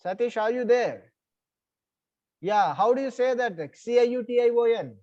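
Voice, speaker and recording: A man's voice: extremely high pitch, animated, moderate pace, mellow, dull audio. Indian man teaching an online English class. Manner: explains rules step by step, repeats himself, checks understanding. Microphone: online class call.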